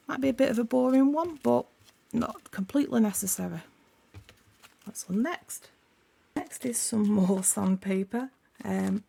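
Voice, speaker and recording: A woman with a sore, croaky throat, chatting casually as she unboxes craft supplies for her channel, rambling and correcting herself as she goes. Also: medium pitch, warm tone.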